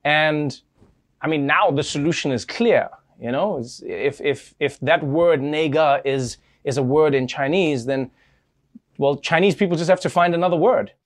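A man hosting a comedy news show, trading scripted banter in an animated way that sometimes stammers and gets flustered. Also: a little high, normal speed. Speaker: late-night comedy news host.

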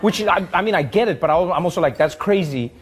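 A man's voice: high voice, fast talker, breathy edge. A young man from Africa, telling comedic stories in a monologue, acting out voices and laughing often. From South Africa. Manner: animated, acts out voices and sings bits, laughs often.

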